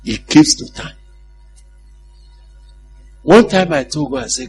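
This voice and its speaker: A man's voice: a little high, lively intonation, slow pace, long pauses, a little mellow, faint music behind. A male preacher giving a conversational sermon, often putting questions to his congregation and laughing at his own stories.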